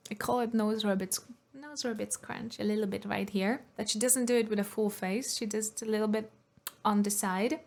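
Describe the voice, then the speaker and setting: A woman's voice: mid-range voice, steady tone, normal speed, creaky, darkish tone. A woman vocal coach giving analytical reaction commentary on singing technique, sometimes singing short demonstrations.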